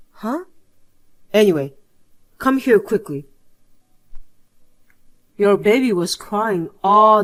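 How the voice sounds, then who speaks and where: A woman's voice: medium pitch, pitched below the performer's own voice. A woman's voice, probably synthetic, reading the lines of an angry adult man who scolds urgently in a drama story.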